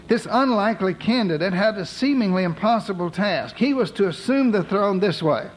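Male preacher, high-pitched, lively storytelling sermon with jokes. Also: rough recording. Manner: storytelling with humorous modern asides.

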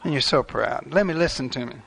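A man's voice: medium pitch, fast, vocal fry, fairly bright tone, a faint crowd. An older man preaching a sermon in a folksy, conversational way, acting out little asides. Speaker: pastor.

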